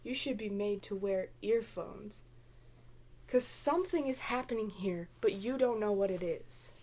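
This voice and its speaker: A woman's voice: medium pitch, unhurried, warm tone. A woman performing a dramatic spoken-word recitation, theatrical in delivery and dropping into whispers at times.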